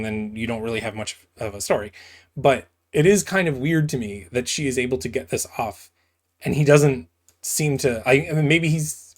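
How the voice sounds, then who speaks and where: Rambling man reviewing a comic. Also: mid-range voice. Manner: rambling, self-correcting, conversational asides. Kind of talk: casual commentary reading a comic aloud.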